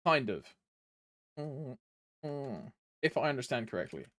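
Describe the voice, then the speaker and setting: A man's voice: mid-range voice, very animated, a little slow, fairly bright tone, no echo. Laid-back joking male game streamer. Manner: joking, loose, swears freely, hums to himself. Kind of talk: casual gameplay chat.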